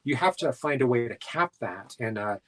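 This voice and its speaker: A man's voice: mid-range voice, expressive, moderate pace, poor audio. Rambling man, paranormal investigator guest. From South Dakota, US. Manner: rambling, lots of filler words. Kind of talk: casual interview talk.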